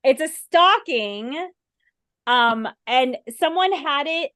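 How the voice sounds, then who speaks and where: A woman's voice: high-pitched, lively intonation, takes it slowly, a bit bright, dry recording. Chatty woman, dry close sound. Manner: chatty, laughs often. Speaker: co-host. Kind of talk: casual chat.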